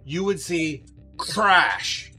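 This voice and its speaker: A man's voice: a little high, expressive, very slow, bright, forceful tone, breathy edge, soft background music. A man narrating as game master of a tabletop game, loose and laughing between scene descriptions.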